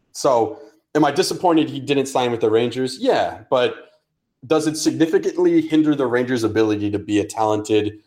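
A man's voice: mid-range voice, darkish tone. Chatty male podcast co-host thinking aloud. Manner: chatty, reasoning things out aloud. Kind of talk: casual podcast chat.

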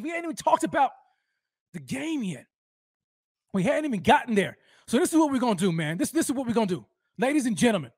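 A man's voice: high voice, no echo, studio quality. A man hosting a live sports fan show, hyped and rambling, with slangy street talk and lots of repeats.

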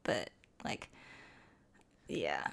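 A young Australian woman co-hosting a casual commentary chat, slangy and quick to laugh. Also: fairly bright tone. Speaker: co-host.

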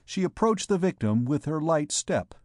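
A man narrating a classic novel as an audiobook reader, in a measured, formal storytelling manner. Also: fairly high pitch, big pitch swings, a little mellow, dry recording, clean studio sound.

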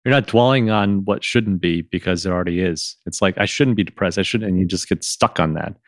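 A man hosting a podcast in casual conversation, who reenacts his own past lines in a livelier, higher voice. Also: fairly quick, no room sound, clean studio sound. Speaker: podcast host.

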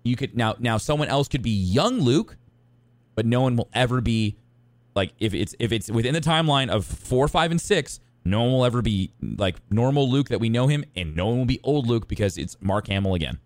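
Excitable male podcast co-host, lively pitch swings, dry close sound, rambling delivery. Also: brisk, dry recording. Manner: excitable, rambling with many restarts. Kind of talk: casual chat.

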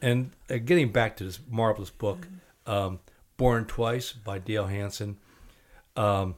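A man's voice: lowish voice, a little slow. A man hosting a podcast interview, chatting and reading passages from a book aloud with emphasis. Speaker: podcast host.

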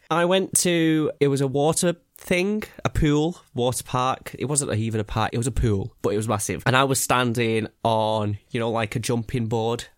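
A man's voice: medium pitch, moderate pace, no echo, clean studio sound. A young man co-hosting a podcast, chatting casually and telling stories, often putting on voices as he goes. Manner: animated storyteller, puts on voices in anecdotes. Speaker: podcast co-host. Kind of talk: casual chat.

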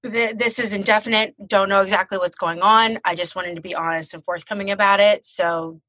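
Podcast host lady, bright clear voice, dry close sound, chatty and frank. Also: medium pitch, steady tone, fairly quick, no room sound, poor audio. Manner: storytelling, frank and bawdy. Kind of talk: casual chat.

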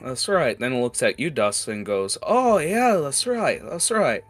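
A man voicing a short, furious male dwarf foreman who barks gruff, cursing orders. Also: medium pitch, big pitch swings, measured pace, soft background music, voice pushed up. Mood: mocking. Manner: yelling, cursing, bossy.

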